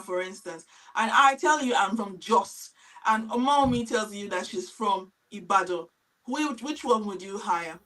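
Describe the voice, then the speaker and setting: A middle-aged woman teacher speaks earnestly in a live-stream panel. Her advice is explanatory and direct, with a mid-range pitch. She sounds a little distant from the microphone. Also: a bit bright. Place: lives in England.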